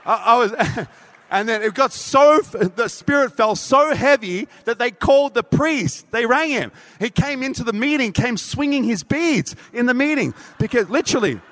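A man preaching a sermon, telling a story with animated delivery and acting out voices. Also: extremely high pitch, moderate pace. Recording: reverberant hall.

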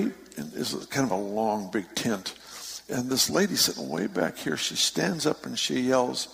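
A man preaching a sermon, telling stories with lively emphasis and easy laughs. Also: medium pitch, gravelly. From San Francisco Bay Area. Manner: storytelling, animated with laughs and rising emphasis. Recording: long hall reverb.

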